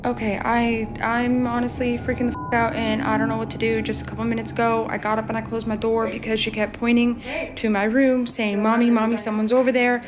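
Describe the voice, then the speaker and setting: A frightened woman in her own bedroom, talking shakily into a phone camera and repeating herself as she comforts her toddler. Her voice sits a little higher than most women's, and music plays loudly over the clip. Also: little pitch movement, a little fast, few pauses. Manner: shaky, repeating herself, scared. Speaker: mother filming at home. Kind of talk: frightened home video. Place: home bedroom.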